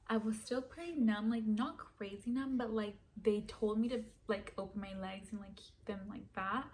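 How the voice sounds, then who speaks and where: A young woman telling a personal story in a casual, animated way, dropping to a whisper when she quotes herself. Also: mid-range voice, slight background noise. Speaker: vlogger.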